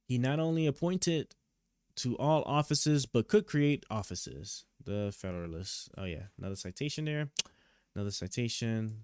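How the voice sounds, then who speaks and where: A man streaming live, reading a court opinion aloud and stopping often to puzzle over it, with halting, restarting speech. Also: mid-range voice, animated, a little mellow, clear, resonant tone, no room sound, clean studio sound. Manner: reads legal text aloud, stops to check words. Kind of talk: casual live stream commentary. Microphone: headset or desk mic.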